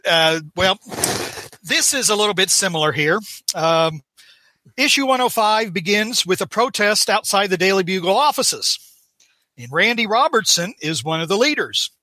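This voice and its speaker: A man guesting on a podcast, casually recapping a comic story. He talks in a halting way, full of fillers and small chuckles. His voice is high and very bright, recorded dry and close. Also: animated, no echo.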